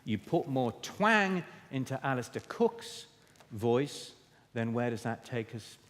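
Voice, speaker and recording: A man's voice: medium pitch, very animated, slow. Theatrical male keynote speaker in a hall. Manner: emphatic, theatrical, addresses the audience. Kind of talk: keynote talk. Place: stage in a conference hall. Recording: echoey hall.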